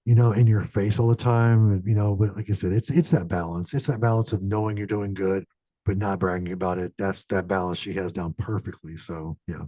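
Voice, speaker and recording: A man in a casual horror podcast chat, telling lively stories and swearing freely. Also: deep voice, brisk, no echo. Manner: animated storyteller, swears casually.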